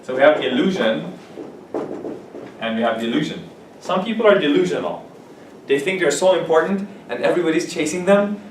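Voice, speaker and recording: A man teaching English vocabulary to a class, animated and playful, acting out examples. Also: fairly high pitch. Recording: echoey room from far off, faint noise.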